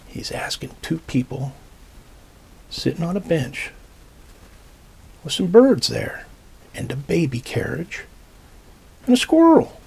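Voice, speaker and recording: A man reading a picture book aloud to children, gently explaining the pictures as he goes. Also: on the high side, very animated, takes it slowly, vocal fry, pauses often, breathy edge. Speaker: storytime reader.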